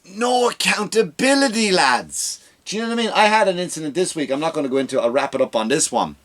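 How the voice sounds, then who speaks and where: A man's voice: expressive, racing, a bit bright. Profane, ranting male comedian. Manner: profane, exasperated ranting with big pitch jumps. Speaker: comedian and podcast host. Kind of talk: comedy podcast rant.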